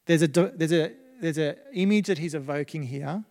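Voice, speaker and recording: A man's voice: on the high side, normal speed, darkish tone, long reverb tail. A man preaching a sermon as pastor, conversational, with many fillers and restarts.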